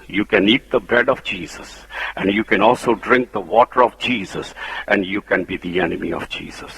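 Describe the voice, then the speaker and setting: A middle-aged man with a Punjabi accent, preaching an impassioned sermon that rises to loud, high exclamations. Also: husky, rough recording.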